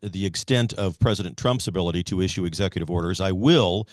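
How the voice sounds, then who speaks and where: A low-voiced American man hosting an interview, recorded dry and close. He speaks in emphatic, campaign-style declarations, pushing his points with rising force. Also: quick pace, no room sound. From United States. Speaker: host and candidate for governor.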